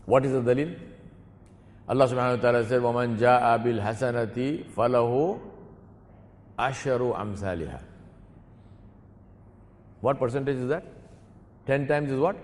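A man preaching a sermon, acting out prayers and dialogue, with religious terms and Urdu phrases mixed into his talk. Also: mid-range voice. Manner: animated, acts out prayers and dialogue. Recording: long hall reverb.

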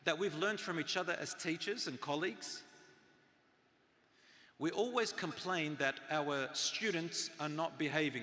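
A man in his forties giving a live talk to an audience, with loud and soft swings and near-whispered asides for emphasis. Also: a little high. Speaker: speaker on parenting and teaching. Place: large hall with a live audience. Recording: long hall reverb from a live talk.

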